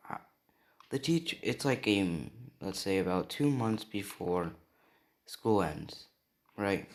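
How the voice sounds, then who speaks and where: Slow, rambling young man storyteller. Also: fairly low pitch. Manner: rambling, full of fillers. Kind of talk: improvised fan story narration.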